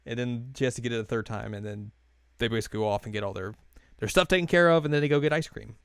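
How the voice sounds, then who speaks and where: Smooth-voiced man recapping an anime. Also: mid-range voice, fast, no echo, studio quality. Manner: rambling, many fillers, laughs while retelling scenes. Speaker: podcast co-host recapping an anime episode. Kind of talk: casual recap chat.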